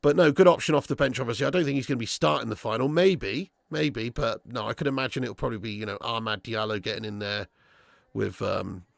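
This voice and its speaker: A man hosting a football watch-along stream, chatting excitedly and with plenty of slang, his voice going hoarse. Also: medium pitch, fast, no room sound. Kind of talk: live stream chat and match reaction.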